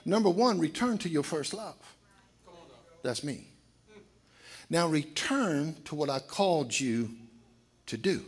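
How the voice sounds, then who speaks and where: A man preaching a sermon in a church, going from shouted, sung exhortation to relaxed, joking asides. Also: fairly high pitch, slightly rough. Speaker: pastor. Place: church sanctuary.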